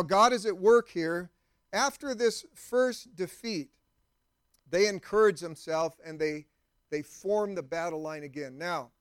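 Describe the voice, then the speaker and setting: High-voiced male pastor preaching. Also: clear, resonant tone. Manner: conversational, questions the congregation. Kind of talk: sermon.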